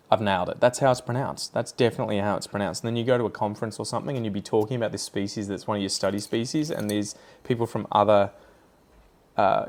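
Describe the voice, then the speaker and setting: A man with an Australian accent who hosts a plant channel, chatting casually and rambling off on tangents while he pots up plants. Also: lowish voice.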